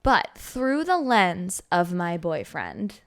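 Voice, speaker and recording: Young woman, podcast host, casual chat, playful, quick bursts. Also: on the low side, very animated, smooth. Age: 20s.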